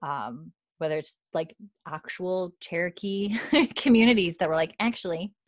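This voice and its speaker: A woman's voice: lowish voice, animated, a little slow, no room sound. A woman co-hosting a podcast, recapping a TV episode in a chatty way full of fillers. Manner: chatty, lots of likes, swears casually. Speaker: podcast co-host.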